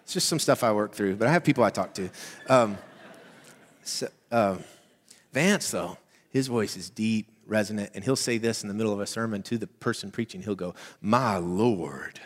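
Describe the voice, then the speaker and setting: Southern male pastor, conversational sermon, loud-to-hushed swings, reverberant hall. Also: lowish voice, a little fast.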